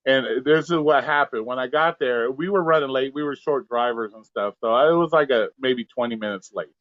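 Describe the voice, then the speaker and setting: A man with a mid-range voice talks briskly in casual live-stream chat, captured in a dry recording with dull audio. A gig delivery driver and co-host, he tells blunt, profane stories and acts out both sides of arguments with quoted back-and-forth.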